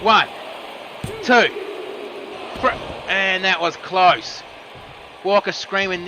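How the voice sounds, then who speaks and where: A man commentates a wrestling match, calling each move the moment it lands. His voice sits a little high, and he slips in casual remarks between moves. Steady noise runs under the recording. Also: drawn-out words, pauses often. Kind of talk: play-by-play commentary.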